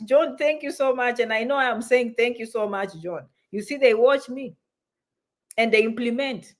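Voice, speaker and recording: A woman's voice: fairly high pitch, normal speed, fairly bright tone. A woman hosting a livestream, reading viewer comments and giving visa advice, emphatic and often asking "okay?". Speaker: immigration visa advisor and livestream host. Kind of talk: live stream talk, reading viewer comments. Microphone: livestream setup.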